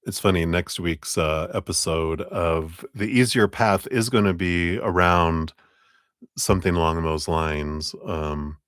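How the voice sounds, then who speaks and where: A man's voice: sits low, a little slow, a bit bright, smooth, no room sound, studio quality. A man giving a live tarot reading, talking in a reflective, coaching way with fillers and restarts. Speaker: tarot reader.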